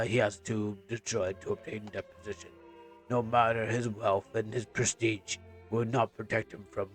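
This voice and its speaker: A man voicing a vengeful young nobleman who avenges his mother, reading game dialogue in a solemn, halting period style. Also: lowish voice, close to an everyday voice.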